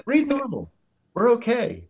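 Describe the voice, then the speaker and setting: A man voicing a calm, steady soldier who reassures a frightened pilot in a soothing, insistent way. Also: extremely high pitch, a little slow, slightly rough, voice pushed up, full character voice. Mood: calm, reassuring.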